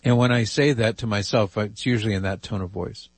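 Husky-voiced male radio host, wry. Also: on the low side, fairly even intonation, fairly quick, no echo. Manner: chatty, wry, reads listener emails aloud. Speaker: radio talk show host. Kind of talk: casual radio talk.

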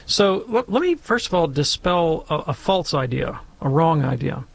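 A man's voice: a little high, sing-song, moderate pace, vocal fry. A man answering a caller's question on a call-in radio show, explaining with everyday examples and checking in with "right?" as he goes.

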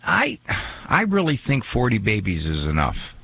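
A man's voice: on the low side, huge pitch swings, normal speed, gravelly, bright, forceful tone, husky. A man hosting a radio talk show, chatting in a joking, self-mocking way and acting out little quoted asides. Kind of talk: casual radio monologue.

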